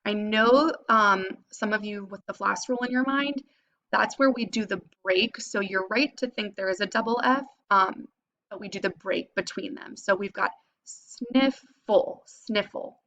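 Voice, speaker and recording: Patiently and slowly, a woman teacher gives young students a phonics lesson, sounding out syllables clearly. Her voice is medium-pitched and sharp-toned, but the audio sounds dull.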